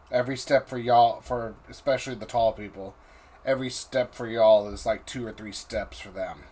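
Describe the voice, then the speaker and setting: A man narrating a tabletop game as game master, pausing and restarting often. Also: lowish voice, dark tone. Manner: halting, with restarts and fillers. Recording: faint background noise.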